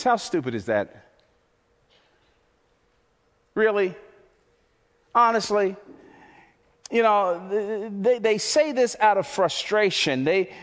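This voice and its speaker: Impassioned pastor preaching in a hall. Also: male voice, sits high. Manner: impassioned, repetitive, rising to near shouts. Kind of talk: sermon.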